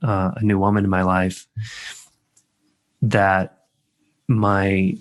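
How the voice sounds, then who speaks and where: A man co-hosting a podcast interview, talking slowly and searchingly with many pauses and ums. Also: sits low, flat delivery. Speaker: podcast co-host.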